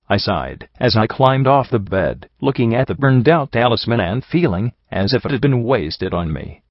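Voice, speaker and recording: A man reading a first-person story aloud in a measured, somber way, in a dull, dry home recording. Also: medium pitch, big pitch swings, no echo. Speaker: audiobook reader.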